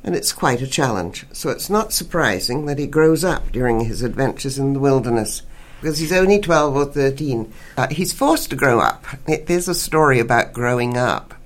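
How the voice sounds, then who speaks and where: A woman writer from Canada, a guest in an interview, speaking in a measured way and reading her own short story aloud. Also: rumbling low, lively intonation.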